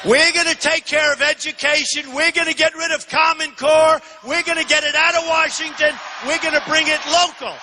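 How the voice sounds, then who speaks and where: A man in his sixties giving an emphatic, repetitive campaign rally speech, often shouting. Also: very high-pitched, flat delivery, normal speed, few pauses, in a large hall, noisy background. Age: 60s. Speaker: political candidate. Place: large indoor arena.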